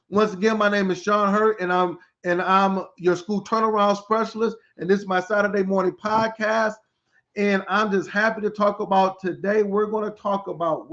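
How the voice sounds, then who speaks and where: A middle-aged man with a fairly high voice hosts a live podcast, greeting viewers by name one after another. He talks with energy and repeats himself to pump up the audience. The audio is slightly dull and lo-fi. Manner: energetic, repetitive, hypes the audience. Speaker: podcast host, school turnaround specialist.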